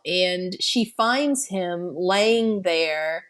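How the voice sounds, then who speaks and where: A woman's voice: on the low side, very slow, few pauses. A woman co-hosting a podcast, recapping a movie in casual chat, swearing freely and acting out the characters' lines. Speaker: podcast co-host.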